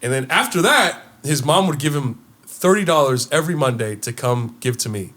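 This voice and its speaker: A young man co-hosting a casual podcast, telling a school story with lots of swearing and getting loud and excited. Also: mid-range voice, moderate pace. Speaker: podcast co-host.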